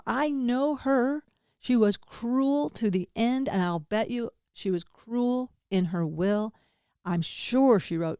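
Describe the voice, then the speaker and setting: A woman's voice: mid-range voice, a little mellow, smooth, no room sound. A woman hosting her own podcast speaks in a mid-range voice, rambling candidly through a personal story. She drifts between nervous laughter and grief and swears casually. The sound is dry and close. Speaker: podcast host. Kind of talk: personal monologue.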